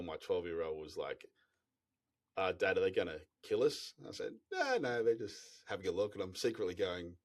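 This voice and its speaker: An Australian man telling travel stories in a casual interview, animated, with frequent restarts and bursts of laughter. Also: low-pitched. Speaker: expedition company founder, guest.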